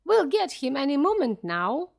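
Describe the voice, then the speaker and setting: Woman doing a fat, angry farmer in a storybook, shouting, voice pitched up. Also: very animated, moderate pace, creaky, full character voice. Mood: furious. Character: fat, furious male farmer.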